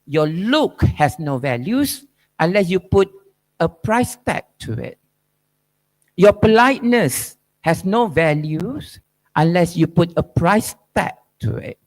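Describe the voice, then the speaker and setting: High-voiced man giving a keynote. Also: expressive, slow. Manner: rhetorical questions with frequent "right?" tags; probing, emphatic lecturing. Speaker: keynote speaker. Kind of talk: academic keynote lecture.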